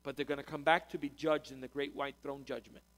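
A man's voice: mid-range voice, little pitch movement, fast, fairly bright tone. A man teaching a conversational sermon as a pastor, repeating words as he explains. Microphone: recorded talk to a congregation.

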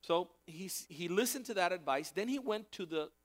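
Male pastor, slightly higher voice, casual sermon delivery with emphatic repeats. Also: lively intonation, normal speed. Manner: conversational preaching with emphatic repetition.

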